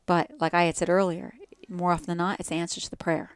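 A woman's voice: fairly low pitch, level tone, fast, clean tone, no room sound. A woman with a New Jersey accent, a guest in a casual podcast conversation, speaking reflectively about spiritual growth. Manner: reflective, spiritual, talks in metaphors.

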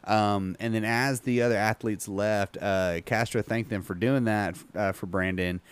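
A man hosting a casual podcast, rambling with many ums and reading an article aloud haltingly. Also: fairly low pitch, fairly even intonation, clean tone. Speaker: podcast host.

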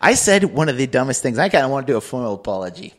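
A man co-hosting a podcast, telling a story in an animated way and acting out the people in it. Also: mid-range voice, rapid-fire. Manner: animated, acts out voices in his stories. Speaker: podcast co-host. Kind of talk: casual anecdotal storytelling.

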